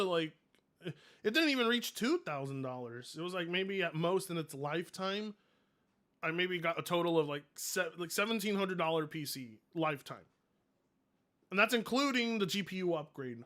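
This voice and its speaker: A man streaming live, reacting to videos with loud, mocking commentary, yelling and laughing at what he watches. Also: fairly high pitch.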